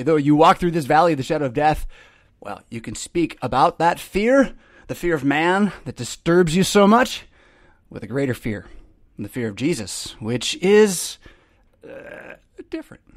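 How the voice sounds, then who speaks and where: High-voiced male host, rambling preacher with sarcastic asides, dry close sound. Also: big pitch swings, normal speed, no echo. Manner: rambling, emphatic, repeats words. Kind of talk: casual preaching monologue.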